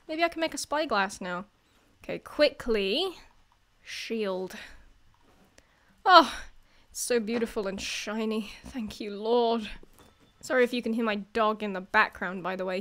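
High-voiced woman narrating her gameplay. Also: a bit bright. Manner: chatty and self-deprecating, often laughing and yelping at scares. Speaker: gaming video creator. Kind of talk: casual gameplay commentary.

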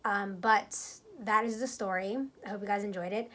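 Young woman telling a storytime, hushed. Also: medium pitch. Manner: animated retelling, quoting herself and others, many "like"s; kept deliberately quiet so family downstairs won't hear. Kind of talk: casual storytime vlog.

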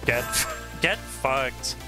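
A young man streaming a game, reacting out loud, excitable and swearing a lot as he talks to the screen. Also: mid-range voice, drawn-out words, loud music behind the voice. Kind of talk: casual reaction commentary. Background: game soundtrack and game dialogue.

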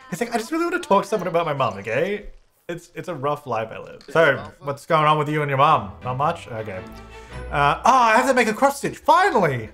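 A man hosts a casual gameplay video. His pitch swings widely as he chats, and he reacts out loud to glitches and talks back to the characters on screen. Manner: chatty, exclaims at glitches, talks to game characters. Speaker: gaming channel host. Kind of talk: casual let's-play commentary.

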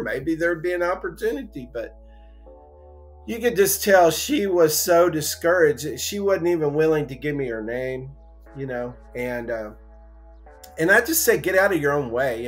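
A man being interviewed as an engineering recruiter, a folksy, encouraging talker who acts out voices in his stories and says "you know" a lot. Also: a little high. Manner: animated storyteller, acts out voices in anecdotes. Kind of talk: casual conversational interview.

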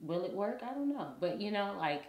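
Animated woman podcast co-host. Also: medium pitch, brisk, roomy sound. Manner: animated, talkative, self-described verbal processor. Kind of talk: casual parenting chat.

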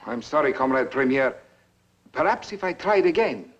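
A man's voice: mid-range voice, animated, moderate pace, natural voice. A man playing an anxious, deferential Soviet radio operator in a 1950s film. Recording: muffled old film soundtrack with hiss.

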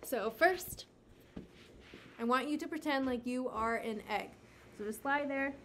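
A woman with a high-pitched voice teaches a children's lesson from a carpeted home, speaking gently and encouragingly to the camera at a slightly slow pace. She occasionally loses her place and goes back over things. Faint room hum lingers in the background.

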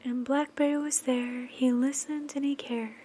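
Soft high-voiced woman telling a kids' story. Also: fairly even intonation, unhurried, over music. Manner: gentle, soft, sing-song, often whispery. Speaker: children's storyteller and singer. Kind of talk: sung and narrated children's story.

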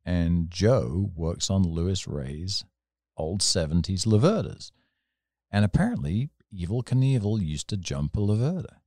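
Low-voiced English storyteller, animated. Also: male voice, a little slow, dry recording, clean studio sound. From England. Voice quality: animated, tells stories in rising bursts. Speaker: podcast guest, storyteller. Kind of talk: casual anecdotal storytelling.

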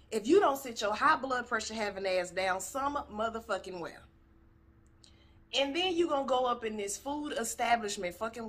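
A woman hosting a reaction video in casual commentary. Her voice is bright and forceful, with a husky edge. She speaks bluntly, swears freely and sounds exasperated throughout. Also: fairly high pitch.

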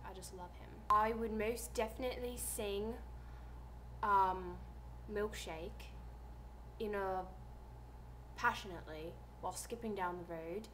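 Soft-spoken rambling teen girl vlogger. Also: medium pitch, slight background noise. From United States. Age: teens. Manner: soft, rambling, trailing off quietly. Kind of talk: casual vlog chat.

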